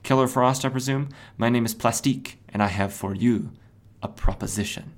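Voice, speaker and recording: A man's voice: mid-range voice, close to an everyday voice. A man reading as a scheming French woman villain. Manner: halting attempt at a French accent.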